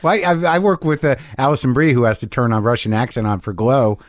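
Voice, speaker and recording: A man hosting a podcast interview, teasing his guest with quick questions and stammered restarts. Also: mid-range voice, no echo, studio quality. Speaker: podcast host. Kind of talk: casual interview chat.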